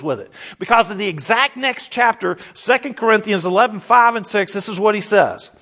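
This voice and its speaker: A middle-aged man preaching a sermon as pastor, animated and repetitive, asking the audience questions. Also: high voice, a little fast, few pauses.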